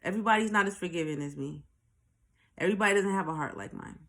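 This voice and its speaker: A woman with a fairly low but fairly bright voice talks at a quick clip as she shares a personal story on her channel. She's blunt and profane, frequently repeating a line to drive it home.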